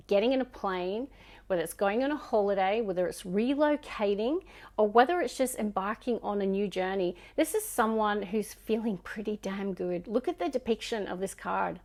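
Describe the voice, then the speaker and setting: A woman with a Scottish accent talks through a tarot spread in a relaxed, chatty way. She muses aloud as she reads each card and often drops into soft murmurs between them. Her pitch sits in an ordinary middle range. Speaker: tarot reader. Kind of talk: casual tarot card reading.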